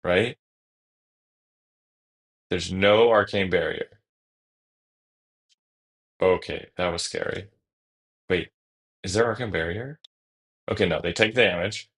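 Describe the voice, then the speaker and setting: A man streaming a card game, talking through each move out loud in a casual, self-correcting way. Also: sits low, rough recording. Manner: thinks aloud through each move, casual, trailing restarts. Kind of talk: live-stream gameplay commentary.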